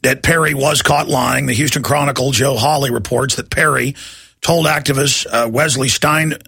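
A man's voice: mid-range voice, fairly even intonation, normal speed, creaky, pushed and bright, husky, no echo, studio quality. A male talk show host delivering a combative, sarcastic political monologue in a ranting manner.

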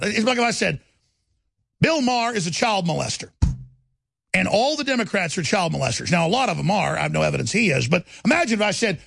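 A man's voice: sits high, very animated, a little fast, creaky, fairly bright tone, no room sound, studio quality. A male talk radio host giving heated, combative political commentary in a ranting style. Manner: ranting, combative, repeats words.

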